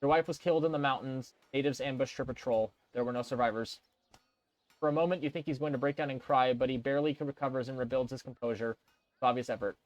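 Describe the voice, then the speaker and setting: A man's voice: medium pitch, fairly even intonation, fast talker, dry recording, muffled recording. A male gamer reading game text aloud and thinking aloud in casual gameplay commentary. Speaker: let's play gamer.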